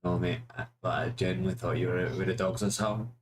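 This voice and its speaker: A man's voice: deep voice, fairly even intonation, racing, background noise. A man with a Glaswegian Scottish accent, streaming live and chatting casually with friends, laid-back and swearing freely. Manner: laid-back, swears often, says mate a lot.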